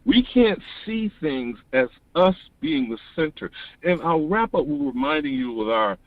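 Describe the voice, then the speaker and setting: A man calling in to an online talk show, delivering an animated, preachy monologue that rises to emphatic declarations. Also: fairly high pitch, a little slow, no room sound. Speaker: caller. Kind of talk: passionate call-in monologue. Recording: dull lo-fi dry call-in audio.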